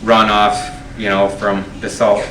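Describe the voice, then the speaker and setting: A man running for highway superintendent, answering slowly and hesitantly. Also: slight background noise. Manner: slow, flat, hesitant. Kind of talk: unscripted forum answer. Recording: roomy hall, far from mic.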